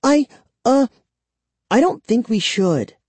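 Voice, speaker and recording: Storybook reader doing a jumpy stubborn little girl, high and lively, dry close sound. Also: takes it slowly, slightly rough, no room sound, exaggerated voice. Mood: insistent. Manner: high, insisting, stammering when frightened. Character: nervous stubborn young girl. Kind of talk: audiobook character voice.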